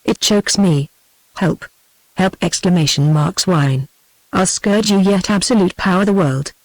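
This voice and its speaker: A woman's voice: fairly low pitch, measured pace, dry recording, low-quality recording. A synthetic woman's voice reading a raving old billionaire. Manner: flat synthetic reading of shouted lines. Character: frantic old male billionaire raving with greed.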